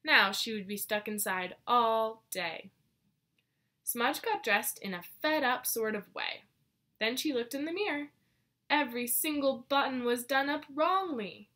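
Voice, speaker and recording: A woman reading a picture book aloud to children, expressive and warm. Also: a little high, a little slow. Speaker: storyteller.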